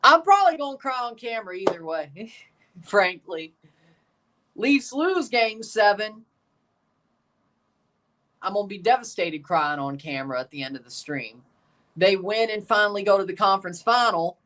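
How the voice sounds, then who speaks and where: A slightly hoarse man in his twenties, chatting through a livestream watchalong with running play-by-play asides. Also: high-pitched, sing-song, moderate pace, pauses often, sharp tone. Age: 20s. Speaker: streamer reacting to a match.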